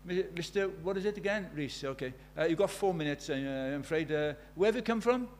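A man's voice: a little high, expressive, a little fast, a little hiss or hum, lightly acted. A man doing a flustered headmaster. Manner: flustered, hesitant, full of ums. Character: flustered, rambling male headmaster.

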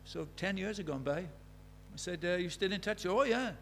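Man preaching, fairly high voice, earnest, pressing questions, faint hum underneath. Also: lively intonation, normal speed, gravelly, a bit bright. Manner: earnest, questioning, retells conversations in quoted dialogue. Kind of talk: sermon.

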